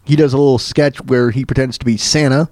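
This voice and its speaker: A man's voice: mid-range voice, fairly even intonation, brisk, darkish tone, no room sound, studio quality. A male host casually introducing a set of comedy clips, loose and hesitant with fillers. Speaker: radio show host.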